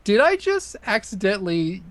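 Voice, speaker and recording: A man's voice: high voice, big pitch swings, normal speed, a bit bright, no echo. A man chatting casually as a guest player, easygoing and laughing between remarks. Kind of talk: casual chat while gaming.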